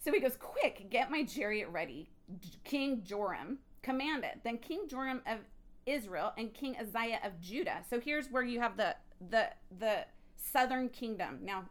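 A woman with a fairly high-pitched voice teaches a Bible study in a chatty, animated way. She reads scripture aloud and throws in her own asides.

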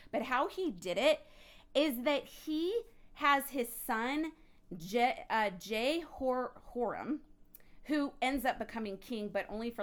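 A woman teaching a Bible study in a chatty, animated way, reading scripture and adding her own asides. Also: a little high.

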